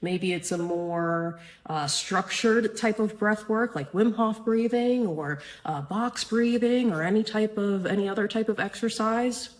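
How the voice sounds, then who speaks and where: A woman's voice: medium pitch, a little slow, hardly any pauses, poor audio. Earnest woman hosting a spiritual podcast. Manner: warm, earnest, casual with swearing, frequent "right?". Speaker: podcast host. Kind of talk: spiritual self-help podcast talk.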